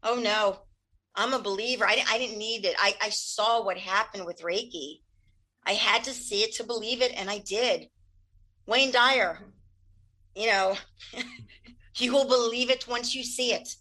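Animated woman healer, quick candid delivery, ringing bright tone. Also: mid-range voice, rough recording. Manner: fast, animated, laughs often. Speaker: Reiki practitioner. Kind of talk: candid interview answers.

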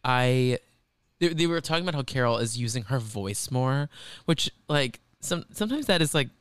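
A man co-hosting a casual chat from his apartment, animated and laughing, slipping into impressions. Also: medium pitch, normal speed, clean tone, no echo. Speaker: podcast co-host.

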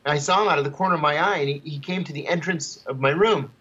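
A man telling a story at an even pace as a guest in an interview, with chuckles between phrases. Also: a little high, quick pace, husky, dull audio.

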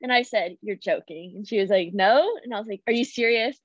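A woman's voice: medium pitch, brisk, no echo. A young woman, an Olympic gymnast, chatting casually as a guest and acting out the reactions she quotes, with frequent "like" fillers. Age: young adult. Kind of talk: casual storytelling chat. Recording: dull, dry lo-fi audio.

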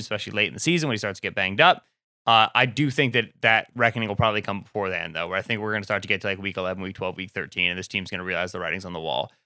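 A man's voice: on the low side, bright, forceful tone, dry recording, clean studio sound. A man co-hosting a football podcast, giving wry, mock-emphatic opinions in casual chat.

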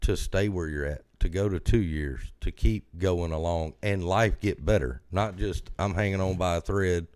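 A man's voice: deep voice, moderate pace, hardly any pauses, darkish tone, no room sound. A man hosting a podcast, asking a guest long, earnest questions in a casual way. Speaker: podcast host. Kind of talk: casual interview.

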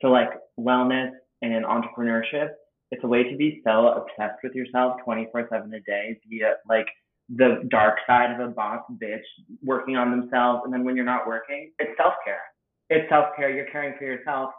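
A man's voice: medium pitch, steady tone, normal speed, reverberant. Ranting man on a tinny call line. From Canada. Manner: emphatic, ranting, swears freely. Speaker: guest comedian. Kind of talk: casual podcast chat.

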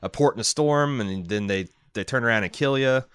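A man co-hosting a podcast in casual chat, recapping an episode and reading listener mail, with halting speech full of fillers and restarts. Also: medium pitch, fairly bright tone, smooth, no room sound, studio quality. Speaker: podcast co-host.

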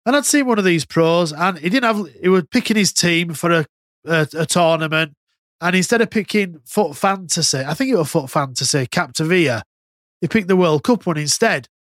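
A man's voice: on the high side, animated, normal speed, a bit bright, dry recording, clean studio sound. A man co-hosting a casual podcast chat, rambling and swearing freely. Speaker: podcast co-host.

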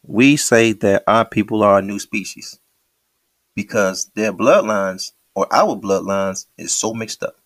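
A man hosting a podcast, talking in a casual, slangy, animated way full of rhetorical questions. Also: lowish voice, a little slow, no room sound. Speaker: podcast host.

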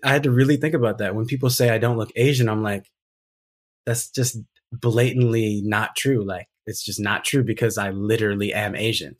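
A man's voice: on the low side, fairly bright tone. Earnest man with emphatic delivery. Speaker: podcast guest. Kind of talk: casual conversation.

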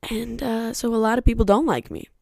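A woman's voice: on the high side, steady tone, fairly quick, vocal fry, darkish tone, dry recording, clean studio sound. A young woman hosting her own podcast, talking casually in a candid, blunt way, swearing often and wandering into side remarks. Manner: chatty and rambling, with side remarks. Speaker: podcast host.

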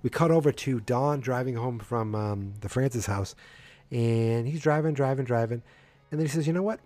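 A man talks through a TV episode in a loose, rambling way, full of ums and quick restarts. His voice is mellow and dark, recorded close and dry with faint music underneath. He slips into the characters' lines without really changing voice. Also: medium pitch, no echo. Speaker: show recap host. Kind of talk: casual episode recap.

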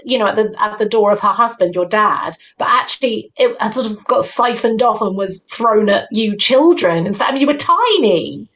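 A woman's voice: medium pitch, expressive, normal speed, few pauses, fairly bright tone. A woman co-hosting a podcast, asking the guest empathetic questions. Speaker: podcast co-host. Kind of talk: conversational interview.

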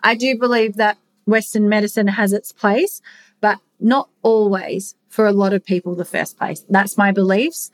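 A woman's voice: mid-range voice, fairly even intonation, moderate pace. A woman hosting a podcast, telling her own story in a frank, casual way, swearing freely and earnestly encouraging her listeners. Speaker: podcast host. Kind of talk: personal storytelling monologue.

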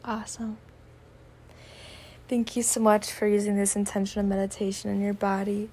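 A woman guiding a meditation, speaking slowly and softly, often slipping into a whisper. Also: medium pitch, little pitch movement, a little hiss or hum. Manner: slow, soft-spoken, drifting into whispers; warm spiritual affirmations. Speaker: meditation guide. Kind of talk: guided meditation.

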